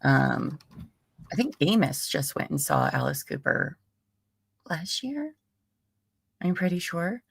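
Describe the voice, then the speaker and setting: Gravelly-voiced woman chatting casually. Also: fairly low pitch, big pitch swings, slow pace, pauses often. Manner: chatty, laughs often, rambling asides. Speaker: livestream host. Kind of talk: casual live-stream chat.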